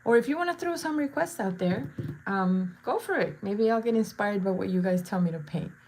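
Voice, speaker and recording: A woman's voice: mid-range voice, lively intonation, a little fast, darkish tone, slight background noise. A woman in her thirties, a face painter chatting casually and playfully with viewers during a live stream while she paints. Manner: bubbly, chatty, playful asides.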